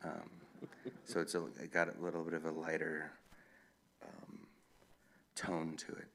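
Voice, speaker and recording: Male author at a live Q&A; very low, gravelly voice, relaxed and rambling. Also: measured pace, a little hiss or hum. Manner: rambling, relaxed storytelling with many fillers. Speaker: author answering audience questions. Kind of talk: casual Q&A talk. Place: live event with an audience.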